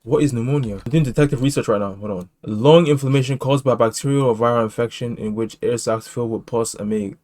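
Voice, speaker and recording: Excitable co-streamer voice, middle pitch. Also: fast, few pauses. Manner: excitable, interrupting reactions and exclamations. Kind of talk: casual reaction chat.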